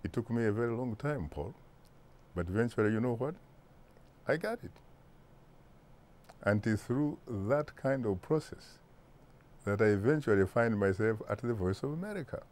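A Ugandan-accented man in his sixties, answering interview questions in a deliberate, emphatic way with rhetorical asides. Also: medium pitch, expressive, darkish tone. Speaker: interview guest, broadcast journalist.

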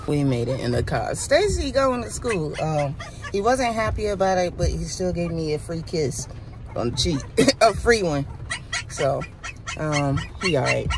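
Middle-aged woman vlogger, low voice with a lively up-and-down delivery, candid casual venting. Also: measured pace, background noise. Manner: candid, venting, talks straight to the camera. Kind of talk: casual vlog chat.

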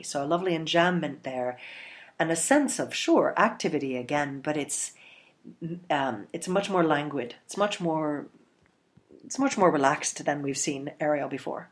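A woman with a notably low voice delivers a literature lecture. She explains imagery and meter step by step, checking in with okays and you-knows. When she quotes verse, she reads it aloud with expression. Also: animated, moderate pace. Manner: explanatory, with frequent okay and you know. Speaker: literature educator.

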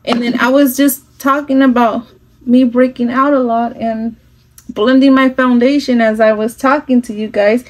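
Recorded on a phone at home, this woman talks through her makeup routine at normal speed in a fairly high, steady voice. She's chatty, mixes in Spanish phrases and the occasional swear word, and the recording is rough.

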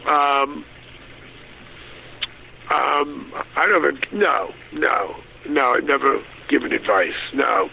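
A man's voice: mid-range voice, slow, creaky, pauses often, phone-quality sound, a little hiss or hum. A man in his sixties, a comedian guest, ranting with lots of profanity in a casual interview from his home. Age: 60s.

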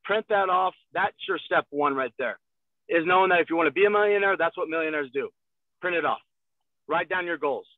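A man's voice: on the high side, fairly quick, no room sound. Man on a tinny phone-like line. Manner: direct, coaching, repeating instructions. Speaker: guest sales leader. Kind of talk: motivational sales talk on a call. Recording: tinny, dry phone-like call audio.

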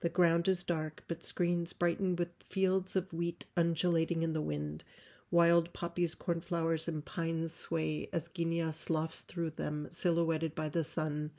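A woman reading a play script aloud, describing stage directions in a measured way. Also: low voice, flat delivery, darkish tone. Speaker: playwright reading her script.

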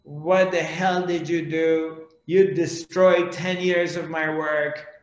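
A man's voice: fairly high pitch, little pitch movement, takes it slowly, reverberant, rough recording. A man voicing a proud, exasperated poet who brushes off an old man. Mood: furious. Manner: dismissive, then angry and insulting.

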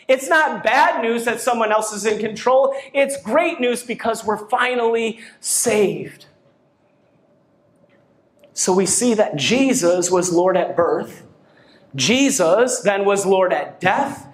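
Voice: mid-range voice, expressive, takes it slowly, reverberant. A pastor delivering a sermon to a congregation, with emphatic rising bursts. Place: church hall.

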